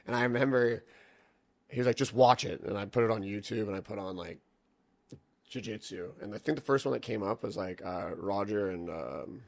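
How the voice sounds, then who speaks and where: This is a young man with a fairly low voice on a casual podcast. He tells loose, rambling stories packed with filler words and swearing. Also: normal speed, gravelly. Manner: rambling storytelling, heavy swearing, lots of "like". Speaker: podcast guest, jiu-jitsu athlete.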